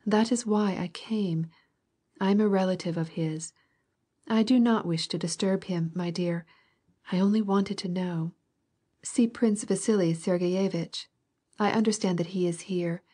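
A woman's voice: on the low side, fairly even intonation, a little slow, dark tone, breathy edge. A woman voicing an impoverished aristocratic mother who coaxes and pleads, in an audiobook. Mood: coaxing. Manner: coaxing, pleading. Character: poor aristocratic mother, anxious and wheedling.

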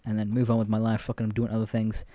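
A young male podcast host races through casual dating stories in a low, dark, monotone voice, peppered with swearing and laughter. There's no room sound.

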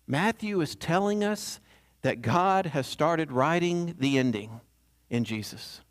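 A man preaching a sermon in a conversational way, often checking in with the congregation. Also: sits high. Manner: conversational, asks the congregation "right?".

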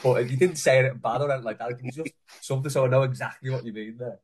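A chatty man hosting a football fan podcast, talking at an ordinary middle pitch. He trades stories with his co-hosts in easy casual chat. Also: fairly even intonation, rapid-fire, a little mellow, breathy edge. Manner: chatty, hands the floor to the others. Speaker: podcast host.

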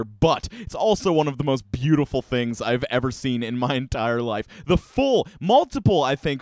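A man's voice: on the high side, no room sound, clean studio sound. Sarcastic, crude-talking male video host. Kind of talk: comedic commentary on online posts.

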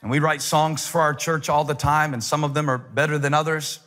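A man in his forties preaching a sermon as a pastor, telling stories with humor and building up to shouted climaxes. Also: on the high side, flat delivery, brisk, long reverb tail. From United States. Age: 40s.

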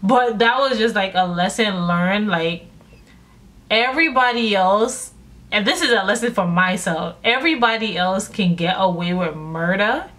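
Young woman, vlogger, casual storytime, animated, acts out quotes. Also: mid-range voice, measured pace.

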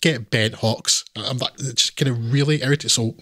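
A man's voice: mid-range voice, steady tone, normal speed, a bit bright, dry recording. A man co-hosting a film podcast, giving a blunt, scathing review with frequent laughs.

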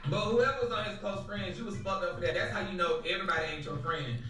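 Sassy high-pitched man dishing gossip. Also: quick pace, pushed and bright. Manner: sassy, dramatic, campy slang. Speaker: show host. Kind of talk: gossip commentary. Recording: echoey room from far off, music behind.

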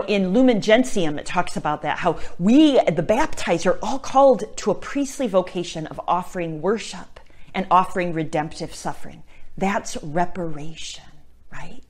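A woman's voice: medium pitch, a little mellow. A woman and Catholic missionary giving an earnest spoken reflection on faith, often checking in with "right?" and moving between emphatic and near-whispered lines. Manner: earnest, tags points with "right?".

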